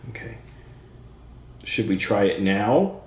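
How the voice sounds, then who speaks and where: A man's voice: fairly low pitch, big pitch swings, slow pace, a little mellow, reverberant. A man working as a psychic medium who speaks to a spirit during a session. He is eager and thinks aloud, with plenty of fillers.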